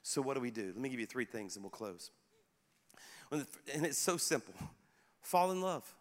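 A middle-aged male pastor preaching a sermon in a conversational, animated way, speaking directly to his congregation. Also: mid-range voice, moderate pace. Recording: echoey hall.

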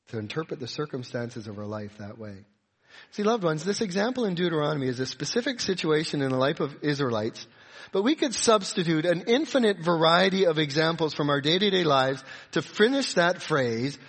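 A middle-aged man preaching a sermon, swinging from emphatic high points to quiet, confiding asides. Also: slightly rough. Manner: rises to emphatic peaks, drops to soft confiding asides. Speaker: pastor.

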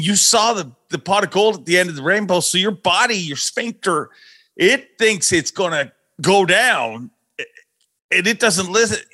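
A man in casual conversation, reasoning aloud in a lively way. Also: sits high. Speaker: conversation partner. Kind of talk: casual chat.

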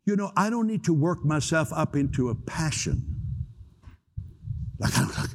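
A pastor preaching in a relaxed, conversational way, with joking asides, easing into prayer. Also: male voice, fairly high pitch, moderate pace, pauses often. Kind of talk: sermon.

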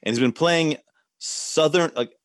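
A man's voice: fairly high pitch, unhurried, no room sound, studio quality. A male host rambling casually in an interview, laid-back and full of fillers.

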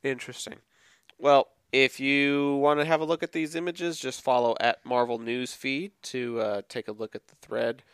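A man co-hosting a podcast in casual chat, measured and thoughtful with some hesitations. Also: medium pitch, steady tone, a bit bright, clear, resonant tone, no room sound. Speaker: podcast co-host.

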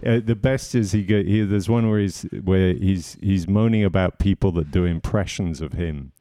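A man's voice: low voice, moderate pace, mellow, no room sound, studio quality. A man co-hosting a casual podcast, telling rambling, profane stories. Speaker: podcast co-host. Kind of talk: casual banter.

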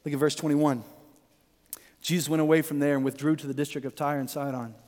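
Pastor guy preaching, high voice, chatty and lively, lots of reverb from a big hall. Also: fast talker. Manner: conversational, animated, acts out voices. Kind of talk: sermon.

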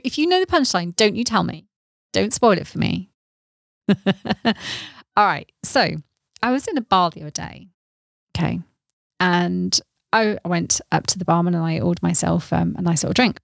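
A woman's voice: lowish voice, vocal fry, no room sound, clean studio sound. A woman co-hosting a podcast, chatting casually and telling a joke in a playful, teasing way with frequent laughs. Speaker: podcast co-host.

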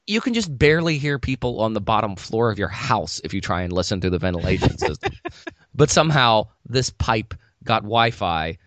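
A man's voice: lowish voice, very animated, fairly quick, fairly bright tone, no echo. A man chatting casually and sarcastically about movies, laughing often.

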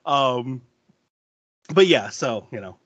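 A man's voice: mid-range voice, slightly rough, no room sound. A man co-hosting a podcast, recapping a film scene by scene in casual chat and laughing often. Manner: laughs often, lively storytelling with restarts.

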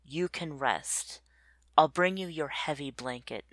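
A narrator voicing a calm, fiercely protective mentor who speaks in soft, hushed reassurance. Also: mid-range voice, a little slow, no room sound, close to an everyday voice. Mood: soothing.

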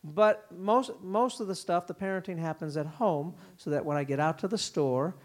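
A man speaking at a parenting conference, telling stories and acting out quick lines for kids and parents. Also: high voice. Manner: animated storytelling, voices children and parents in quoted bits. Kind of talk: conference talk. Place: conference hall.

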